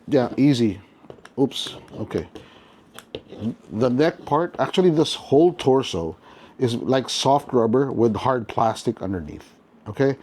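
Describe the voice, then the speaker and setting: A man's voice: medium pitch, darkish tone. Chatty man reviewing a toy. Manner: chatty, thinking aloud while handling a figure. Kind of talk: casual unboxing review.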